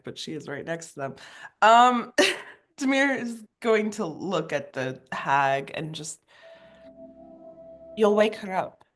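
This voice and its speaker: Slow, hesitant woman at a game table. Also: low voice, fairly bright tone. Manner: hesitant, with many fillers. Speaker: player. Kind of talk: casual tabletop game chat.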